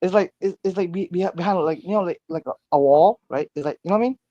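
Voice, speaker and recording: A man tells his story over a muffled, lo-fi line. His voice sits a little high, and he rambles, stumbling over repeated words and fillers. The sound is dry and close. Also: quick pace, dark tone, dry recording. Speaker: caller. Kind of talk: casual storytelling.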